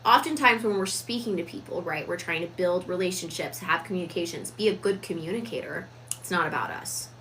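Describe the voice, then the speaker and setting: A woman giving a reflective, casual talk on personal growth, deliberate with frequent fillers. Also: fairly low pitch, fairly bright tone, a little hiss or hum, rough recording. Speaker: self-improvement vlogger.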